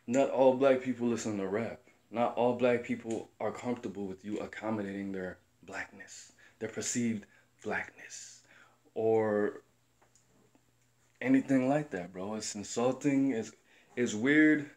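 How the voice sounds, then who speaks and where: A man's voice: lowish voice, fairly even intonation, unhurried, a little mellow. A young man from the Chicago area, talking casually and bluntly to camera, profane and rambling as he tells stories. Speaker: commentator.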